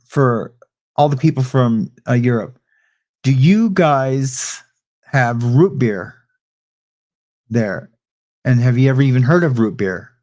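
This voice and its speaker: Medium-pitched with a darkish tone, a middle-aged man hosting a livestream chats freely with his viewers. He meanders into a long-winded story, often restarting and going off on asides.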